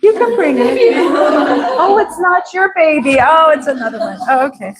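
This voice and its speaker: Slow, patient female English teacher. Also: sits high, animated, over a noisy crowd, rough recording. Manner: slow, patient, drawn-out repetition of words. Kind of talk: live online English class.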